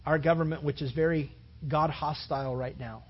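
A man's voice: on the high side, steady tone, moderate pace, slightly rough, highs cut off. A man preaching a sermon in a conversational way, repeating words and building to emphatic points. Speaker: pastor.

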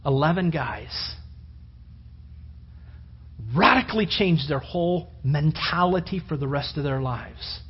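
Man, pastor, sermon, acts out voices, husky tone, dull lo-fi sound. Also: a little high, slow pace, pauses often. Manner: animated storytelling, acting out disciples' voices.

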